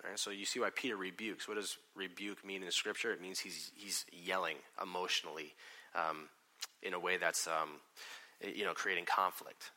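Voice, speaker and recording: Emphatic man preaching a sermon. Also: on the low side. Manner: emphatic, swings from loud declarations to quiet asides, acts out quotes. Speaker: pastor. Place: church hall with congregation.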